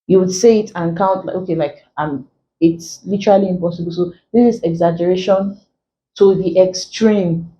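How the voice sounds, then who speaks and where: Woman, teacher, exam-prep lesson, slow repetitive explaining, mellow tone, dull lo-fi recording. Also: on the low side, fairly even intonation, slight background noise. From Nigeria. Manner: explains slowly, repeats key phrases, frequent "like" fillers.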